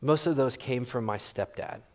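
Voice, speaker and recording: A man's voice: medium pitch, moderate pace. A male pastor, preaching a sermon and telling stories animatedly, acting out the dialogue. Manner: animated storyteller acting out quotes. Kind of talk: sermon with storytelling.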